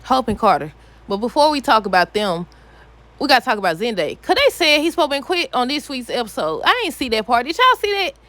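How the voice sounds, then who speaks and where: High, bright-voiced woman recapping a soap. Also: brisk. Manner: animated, talks back to the characters, exasperated asides. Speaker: soap opera reviewer. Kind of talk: casual recap and commentary.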